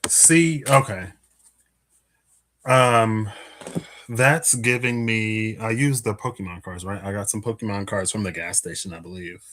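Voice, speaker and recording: A man with a fairly low voice gives a relaxed, casual card reading, thinking out loud as he lays out the cards. He pads his talk with fillers and soft chuckles and sounds a little out of breath. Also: unhurried. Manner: musing aloud, many fillers and little laughs. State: a bit out of breath. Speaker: tarot and Lenormand card reader.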